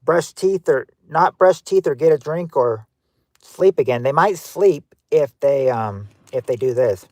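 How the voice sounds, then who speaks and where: A man's voice: fairly high pitch, expressive, darkish tone, no room sound. Southern guy from kentucky streaming outside, reading chat, stop-start talk, dry close sound. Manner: reads viewer chat aloud and answers, halting with restarts. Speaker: livestream host. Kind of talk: casual livestream chat. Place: outdoors.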